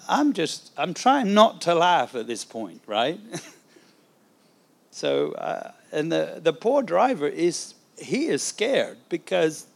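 A man, an evangelist, telling a testimony story in a sermon, animated and acting out the dialogue. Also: on the high side, gravelly.

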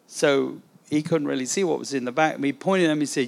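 Evangelist guy telling a story from the pulpit, kinda gravelly, acts out every line of dialogue. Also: mid-range voice, a little fast. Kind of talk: sermon testimony storytelling.

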